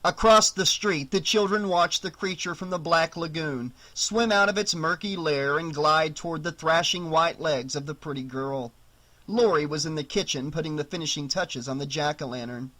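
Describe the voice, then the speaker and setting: Bright-voiced male audiobook narrator. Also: a little high. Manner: measured, dramatic storytelling. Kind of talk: scripted narration.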